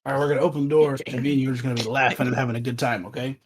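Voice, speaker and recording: A man playing a tabletop game, planning out loud in an animated, joking way with some swearing. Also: mid-range voice, rapid-fire, a little hiss or hum. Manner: animated, swearing, laughing while scheming. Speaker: player.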